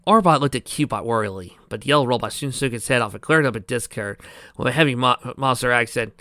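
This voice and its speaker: A man reads a fan fiction story aloud and breaks into sarcastic, ranting commentary. His voice is bright and sharp, at an ordinary pitch. The recording is close and dry. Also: expressive, fast talker, no echo.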